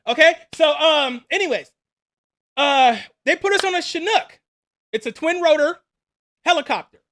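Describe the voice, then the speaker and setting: Army vet guy in his 40s telling war stories, bright punchy voice, acts out all the dialogue. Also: very high voice, moderate pace, a little hiss or hum. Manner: animated, acts out dialogue, laughs between lines. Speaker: army veteran storyteller. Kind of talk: casual personal storytelling.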